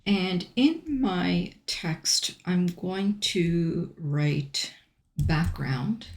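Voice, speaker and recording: Slow, low-pitched woman in a roomy room. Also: a little hiss or hum. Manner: unhurried, step-by-step with frequent ums. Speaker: software tutorial host. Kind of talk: screen-recorded software tutorial.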